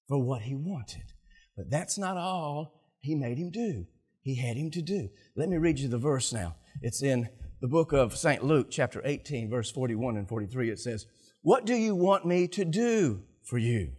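A male pastor preaching a sermon, telling stories with animated delivery and acting out scenes, often repeating words. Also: fairly high pitch, slightly rough.

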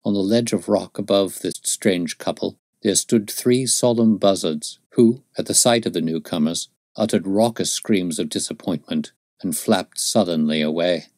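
A man narrating a classic novel as an audiobook, in steady, measured storytelling. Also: sits low, no echo, studio quality.

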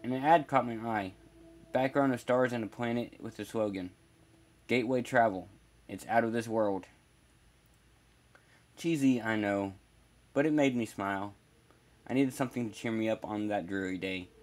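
A man's voice: fairly low pitch, moderate pace, a little mellow. A man narrating a first-person horror story in a plain, wry storytelling manner.

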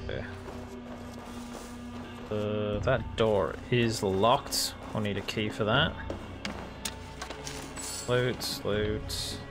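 A man's voice: on the low side, takes it slowly, long pauses. A man giving casual, chatty commentary while playing a video game. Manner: chatty, relaxed, talking to himself. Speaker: gaming channel host. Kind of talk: casual let's-play commentary. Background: game music.

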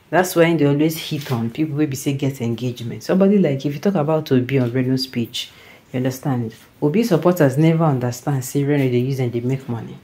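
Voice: medium pitch, mellow, rough recording. A news commentator with a Nigerian accent giving casual opinion commentary, often checking in with the listener through rhetorical questions. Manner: conversational, keeps asking "you understand?".

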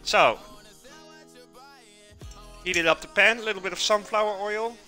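Streamer host: man, bright and sharp-toned, animated, chatting with chat while cooking in a home kitchen, faint music behind. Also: high voice, a little slow. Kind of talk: casual live-stream chat.

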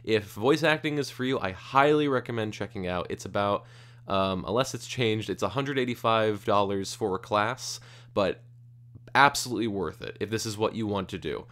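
A young man chatting on his vlog about a voice acting class, excited and gushing, laughing often and stumbling over his words, into a USB condenser mic. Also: on the low side, normal speed. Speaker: vlogger. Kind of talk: casual vlog chat.

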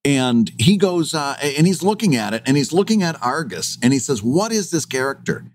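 A man in his fifties co-hosting a podcast, telling an old story with self-mocking humor and lively retelling of past conversations. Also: on the high side, moderate pace, slight background noise. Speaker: podcast co-host. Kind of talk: casual chat, storytelling.

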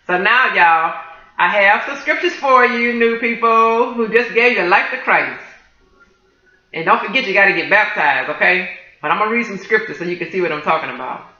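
A woman preaching and praying with fervent emotion, returning to the same praises over and over and calling out to her listeners. Her voice is piercingly bright and forceful. It rings in a roomy space on a muffled, lo-fi recording. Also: mid-range voice. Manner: emotional, repetitive praise, addresses listeners as y'all. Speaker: minister. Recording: roomy, dull lo-fi sound.

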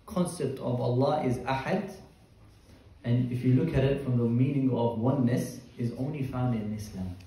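A man's voice: mid-range voice, mellow, recorded from a distance. A male Islamic teacher giving a Quran tafsir class, explaining terms step by step and putting questions to his students. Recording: echoey room, voice from afar.

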